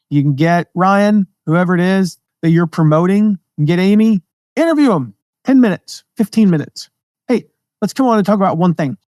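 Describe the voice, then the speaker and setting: A man from the American Midwest and South with a mostly neutral accent, hosting a podcast and teaching in a casual, energetic, conversational way. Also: on the high side, no room sound, clean studio sound. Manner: energetic, conversational, jumps into quoted voices. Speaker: podcast host, affiliate marketing teacher.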